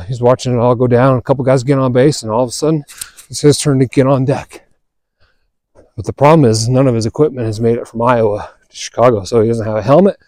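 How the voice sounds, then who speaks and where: A man hosting a podcast, telling a story in a relaxed, chatty way and acting out the quoted dialogue. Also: medium pitch, no echo, studio quality. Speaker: podcast host. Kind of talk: casual storytelling monologue.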